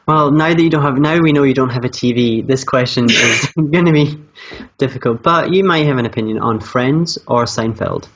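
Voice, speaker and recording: A man co-hosting an interview, reading out quiz questions slowly with a jokey touch. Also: medium pitch, a bit bright. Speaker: podcast co-host. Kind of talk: casual interview chat.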